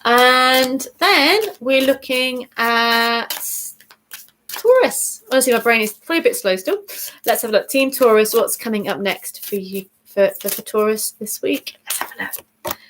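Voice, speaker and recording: A woman hosts her weekly tarot reading video in a relaxed, chatty way. She sounds bubbly and laughs often. She backtracks and corrects herself as she talks. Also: medium pitch, brisk, a little hiss or hum. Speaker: tarot reader.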